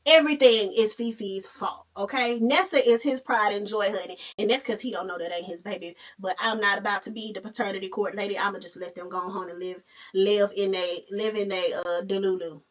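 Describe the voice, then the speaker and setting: A woman hosting a podcast, retelling a movie in a casual, animated way with playful asides. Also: mid-range voice, brisk, recorded from a distance. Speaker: podcast host.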